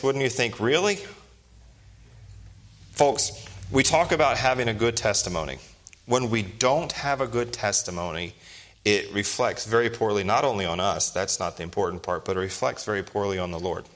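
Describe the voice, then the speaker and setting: Man in his thirties, pastor, sermon, lowish voice, emphatic, throws out rhetorical questions. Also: a little fast, fairly bright tone.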